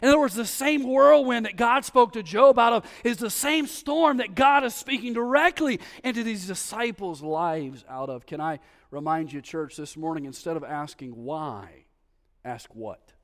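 High-voiced emphatic male preacher. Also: normal speed, big-room sound. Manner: emphatic, swinging from hushed to loud. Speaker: pastor. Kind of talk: sermon. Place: church sanctuary.

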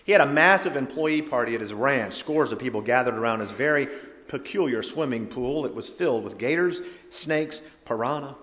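A man's voice: animated, a little fast. Male pastor preaching in a reverberant hall. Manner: dynamic preaching, rising to loud emphatic cries and dropping low. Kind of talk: sermon.

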